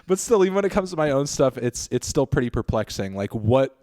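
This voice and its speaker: A man hosting a casual interview, chatty and quick to laugh. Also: medium pitch, big pitch swings, darkish tone. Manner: chatty, laughs easily, breaks into silly voices. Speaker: interview host.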